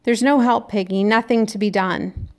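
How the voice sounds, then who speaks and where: A woman's voice: medium pitch, steady tone, normal speed, close to an everyday voice. Woman reader doing an exasperated boy chief in read-aloud novel dialogue. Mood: weary. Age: child. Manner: raised, exasperated.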